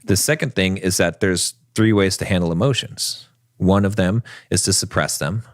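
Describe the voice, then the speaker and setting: A man's voice: low voice, moderate pace, dry recording, studio quality. A man co-hosting a podcast, explaining his views in a lecturing way, with dramatic put-on voices for quotes. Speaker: podcast co-host. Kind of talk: casual podcast discussion.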